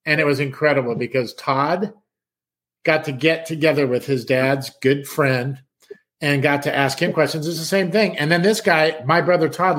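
A middle-aged man from San Diego tells a story in a relaxed chat. His voice sits fairly high for a man. He acts out other people's lines with lively energy, swears casually and often ends sentences with "man". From San Diego, California.

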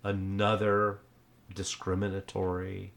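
A man's voice: low-pitched, completely flat delivery, slow pace, gravelly, fairly bright tone. A man co-hosting a satirical podcast chat, playing it mock-earnest, agreeing emphatically and swearing freely. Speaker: podcast co-host.

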